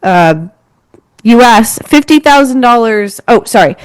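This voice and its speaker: A woman in her twenties co-hosting a casual podcast, telling stories in an animated, chatty way with lots of fillers. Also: fairly high pitch, a little slow, smooth, dry recording, poor audio. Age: 20s. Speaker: podcast co-host.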